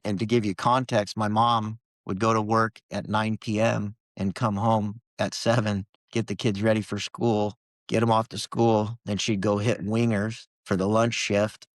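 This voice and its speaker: A man's voice: on the low side, level tone, a little slow, dry recording. A man as a podcast guest, telling a personal story in an earnest, emotional way with many restarts.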